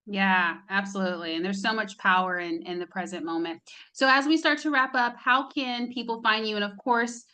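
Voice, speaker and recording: Bright-voiced woman podcast host. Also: mid-range voice, steady tone, moderate pace. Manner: chatty, upbeat, fillers like "like" and "you know". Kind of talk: casual interview chat.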